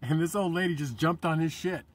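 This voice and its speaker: A middle-aged man speaks in a husky, slightly raised voice, caught a little way from the mic. He rambles with passion, swears freely and keeps restarting his sentences as he vlogs to camera. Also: on the high side, fairly quick, recorded from a distance. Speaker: vlogger. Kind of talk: emotional monologue to camera.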